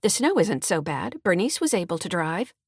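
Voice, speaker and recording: A woman voicing an aging mother in an audiobook, high and pointed in tone. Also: sing-song, normal speed, breathy edge, no echo, clean studio sound, heavily acted. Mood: brisk. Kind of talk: audiobook character reading.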